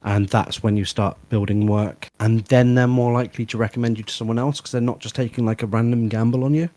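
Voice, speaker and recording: A man's voice: medium pitch, fairly even intonation, brisk, warm tone, dry recording. A man giving practical business advice in a casual live stream chat, with chatty fillers. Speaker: guest and fellow tradesman.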